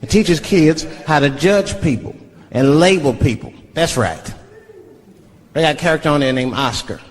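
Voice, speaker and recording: A male stand-up comedian telling a profane story, animated, acting out voices of the people in it. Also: fairly high pitch. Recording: live show with audience laughter and noise.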